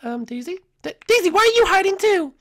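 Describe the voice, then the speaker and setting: A woman's voice: extremely high pitch, fairly quick, full character voice. Peach, a woman playing a peppy princess hostess. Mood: cheerful. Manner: peppy, chatty, excitable. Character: cheerful, bossy young princess hostess, Peach. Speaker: series host. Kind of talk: Minecraft role-play voice acting.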